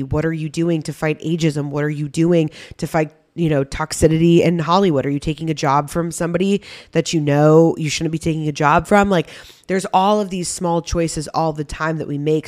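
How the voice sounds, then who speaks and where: A woman's voice: low-pitched, a little mellow, no echo, clean studio sound. A pregnant woman hosting a podcast, speaking in a candid, conversational monologue with casual swearing. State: heavily pregnant. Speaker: podcast host.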